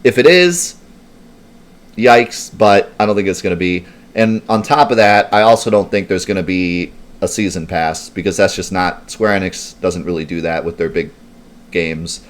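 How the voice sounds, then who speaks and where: Deep-voiced man chatting through a livestream. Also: moderate pace. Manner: chatty and rambling, answering chat questions, heavy on "like" and "um". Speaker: let's play streamer. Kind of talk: live gameplay commentary.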